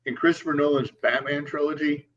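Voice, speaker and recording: A man's voice: fairly high pitch, steady tone, fairly quick, fairly bright tone. A man co-hosting a podcast in casual chat, rambling with many ums and uhs. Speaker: podcast co-host. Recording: lo-fi, distant mic with faint hum.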